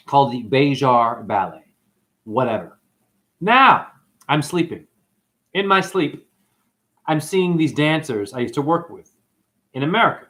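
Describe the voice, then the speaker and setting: Excitable man with a lively, bouncing voice. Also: mid-range voice, unhurried, pauses often. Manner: excitable, profane, rambling storyteller. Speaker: livestream host. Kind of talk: rambling livestream chat, answering comments.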